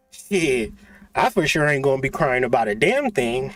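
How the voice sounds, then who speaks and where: A man's voice: mid-range voice, sing-song, normal speed, faint music behind. A man in a casual, profane monologue, joking and laughing as he talks. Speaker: channel host.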